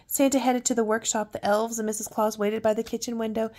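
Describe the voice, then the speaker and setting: An older woman reading a picture book aloud at bedtime, with soft, coaxing asides to a child. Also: a little high, flat delivery, quick pace, hardly any pauses. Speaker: storyteller.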